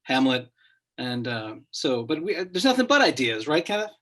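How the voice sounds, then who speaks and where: A man's voice: medium pitch, sing-song, normal speed, fairly bright tone. A man who directs, talking in a rambling, hesitant way on a video call. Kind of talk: casual video call chat.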